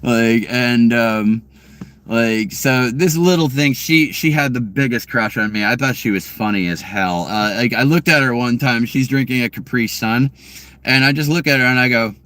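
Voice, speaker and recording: A man's voice: medium pitch, normal speed, fairly bright tone, dry recording. A man vlogging from his car, telling a casual story in a rambling, profane way full of fillers and restarts.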